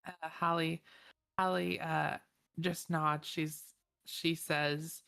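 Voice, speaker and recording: A woman's voice: low voice, little pitch movement, slow, creaky, a bit bright, smooth. A woman describing her character in a tabletop game, hesitant and searching for words. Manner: hesitant, many fillers and restarts. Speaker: player.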